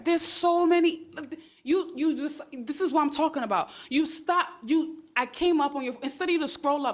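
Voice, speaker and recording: A woman hosting a casual livestream on her phone, talking in a sarcastic, exclamatory and animated way. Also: high-pitched, moderate pace. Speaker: livestream host.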